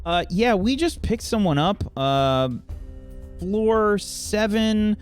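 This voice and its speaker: Brief: man playing a high, shouting male security guard in a comic tabletop game, alarmed and blunt. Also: animated, slow pace, smooth, soft background music. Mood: reporting. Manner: yelling, alarmed.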